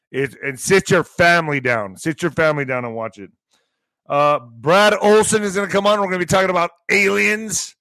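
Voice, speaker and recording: This live online commentary host talks in an excitable, rambling way, occasionally erupting into yelling. His voice sits a little high, and there's no room sound.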